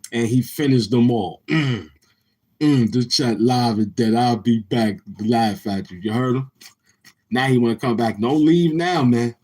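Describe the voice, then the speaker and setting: A man hosting a live stream, teasing and roasting a viewer in loud casual banter and often breaking into laughter. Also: mid-range voice.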